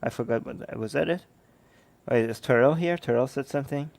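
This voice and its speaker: A man hosting a livestream, reacting to videos with sarcastic, animated commentary and talking to his chat. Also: medium pitch, brisk, vocal fry. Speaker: livestream host.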